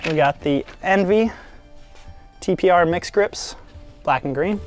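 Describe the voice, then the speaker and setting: Young man, high voice, casual vlog host, jokey, upbeat, faint music behind. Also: measured pace. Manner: upbeat, jokey, talks straight to viewers. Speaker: host of a scooter shop channel. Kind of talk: casual product build vlog.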